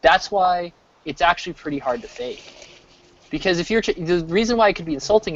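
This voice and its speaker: An American man in his thirties chatting casually while he streams, rambling, restarting sentences and getting animated. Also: high voice, fairly quick. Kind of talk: casual chat. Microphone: desk mic. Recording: dull lo-fi mic.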